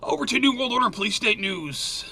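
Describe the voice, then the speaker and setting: A man hosting a solo news commentary show, reading headlines and ranting angrily, swearing and sometimes yelling. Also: extremely high pitch, animated, brisk, creaky, a little hiss or hum.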